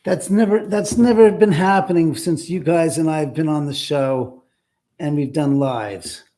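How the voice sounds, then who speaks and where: A man's voice: fairly high pitch, unhurried. Profane, rambling man hosting a livestream. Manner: rambling, profane, animated storyteller. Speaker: livestream host. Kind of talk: casual livestream storytelling. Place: his own house, indoors.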